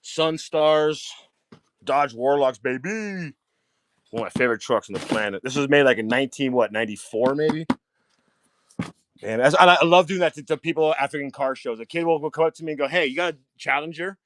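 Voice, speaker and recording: A man giving a casual live-stream tour of his diecast collection, excitable, swearing freely and repeating himself. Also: medium pitch, normal speed, dry recording. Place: home storage rooms and outdoors at night.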